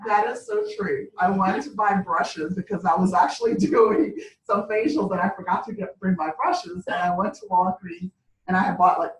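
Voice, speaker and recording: A woman's voice: fairly low pitch, fairly even intonation, normal speed. Chatty woman in an echoey meeting room. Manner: chatty, laughs through her stories. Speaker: beauty consultant. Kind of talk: casual story-sharing at a sales meeting. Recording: echoey room, distant mic, faint background hum.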